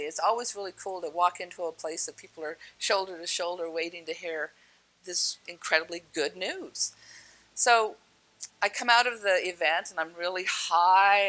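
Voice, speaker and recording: Gravelly, bright-voiced woman telling a story. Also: on the low side, rough recording. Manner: animated, laughs often, many fillers. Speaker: spiritual speaker. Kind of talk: storytelling talk to an audience.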